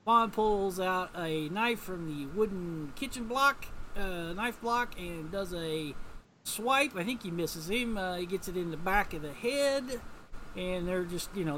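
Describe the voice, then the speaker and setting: A man's voice: sits high, a bit bright, a little hiss or hum. A man giving casual, joking commentary as he narrates a video game and reads its lines aloud.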